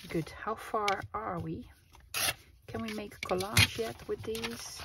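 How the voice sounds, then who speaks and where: Slow, chatty woman crafting on camera. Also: mid-range voice. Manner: chatty, talks to herself and viewers while working, laughs often. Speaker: craft vlogger. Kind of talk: casual crafting vlog chat. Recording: clear background noise with clicks.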